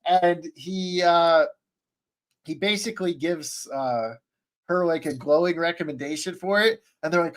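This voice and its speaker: A man on a streamed podcast call, recapping an anime in a rambling, excitable way, full of fillers and restarts. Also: fairly high pitch, unhurried. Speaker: podcast panelist. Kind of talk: casual chat, recapping an anime.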